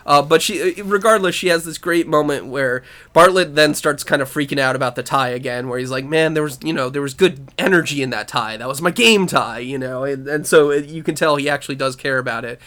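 A man's voice: on the high side, a little fast, hardly any pauses, fairly bright tone. A man co-hosting a podcast, chatting casually about a TV episode, swearing, laughing often and acting out characters' lines. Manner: profane, laughing, acts out quotes. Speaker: podcast co-host. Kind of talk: casual recap chat.

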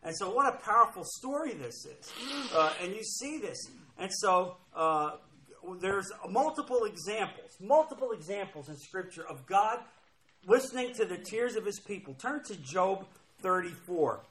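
High-voiced emphatic male preacher. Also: big pitch swings, normal speed, sharp tone, low-quality recording. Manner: emphatic, repeats key phrases, reads scripture aloud. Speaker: pastor. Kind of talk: sermon.

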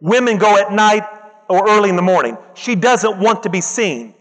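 A man's voice: high voice, expressive, normal speed, a bit bright, in a large hall, low-quality recording. A man preaching a sermon, stressing points by repeating phrases and calling out to the congregation. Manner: emphatic, repeats phrases for effect, calls out to the congregation.

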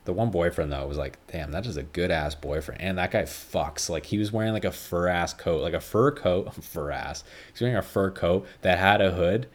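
A man's voice: low-pitched, lively intonation, moderate pace. A man hosting a casual solo podcast, rambling with lots of fillers and swearing freely. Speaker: podcast host.

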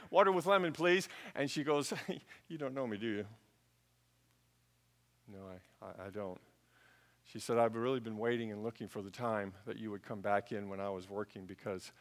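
Middle-aged male pastor, bright tense tone, storytelling sermon delivery. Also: on the high side, in a large hall. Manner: storytelling, swings from hushed to loud.

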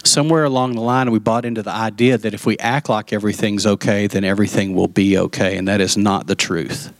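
A man's voice: on the low side, steady tone, fairly quick, dry recording. Candid man preaching a sermon. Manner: candid storytelling, acts out quoted voices. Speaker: pastor.

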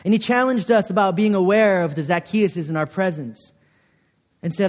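A man's voice: sits high, normal speed. Man preaching in an echoing chapel. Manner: conversational and earnest, with frequent fillers. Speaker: chapel speaker. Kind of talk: chapel sermon with personal story. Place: college chapel. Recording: long hall reverb.

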